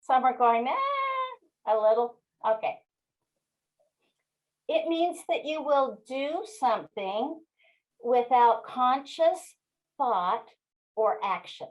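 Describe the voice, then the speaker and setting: A woman in her sixties giving a webinar talk, telling a family story in an expressive way and speaking straight to her audience. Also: high voice, muffled recording. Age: 60s. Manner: slow, expressive storyteller who addresses the audience directly.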